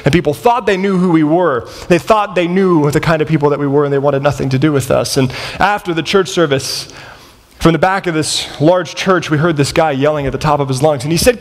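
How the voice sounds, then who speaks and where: A man in his thirties tells stories from the pulpit in a fairly high voice, animated and acting out each exchange. His words ring with the long reverb of a large chapel hall. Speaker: chapel speaker. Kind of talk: storytelling sermon.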